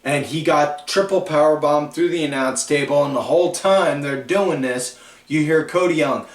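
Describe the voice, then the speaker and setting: A man hosting a wrestling podcast, recapping shows in a rambling, casual way full of fillers. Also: on the high side. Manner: slow, drawn-out, rambling delivery with frequent fillers. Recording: echoey room, far from the mic.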